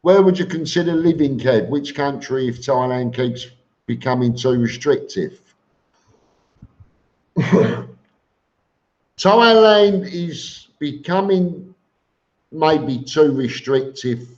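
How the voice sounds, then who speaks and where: A middle-aged Englishman with a Cockney accent reads viewer comments aloud on a live stream, speaking bluntly and plainly with lots of ums and repeated words. His medium-pitched, slightly mellow voice is animated but slow, with frequent pauses. The stream audio is dull and lo-fi.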